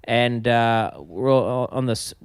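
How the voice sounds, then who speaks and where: A middle-aged man with a New Zealand accent, a podcast guest telling a comic story in an animated, self-mocking way. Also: mid-range voice, slow pace, smooth, no room sound, studio quality. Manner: animated, self-mocking, frequent laughs and restarts.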